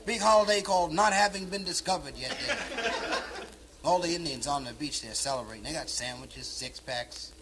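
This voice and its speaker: A man's voice: fairly high pitch, moderate pace. A man telling a comic story in a playful, punchy stand-up delivery. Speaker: stand-up comedian. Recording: crackly 1960s vinyl record.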